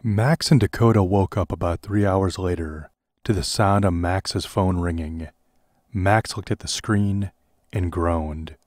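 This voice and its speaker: Man, deep voice, deadpan audiobook narration, dry recording. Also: measured pace, dry recording. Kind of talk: audiobook parody reading.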